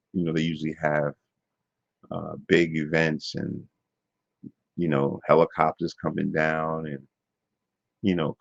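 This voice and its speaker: A man's voice: rumbling low, vocal fry, no echo. A man telling a rambling personal story in a loose, digressive way with many fillers and repetitions. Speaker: vlogger. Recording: dull lo-fi dry sound.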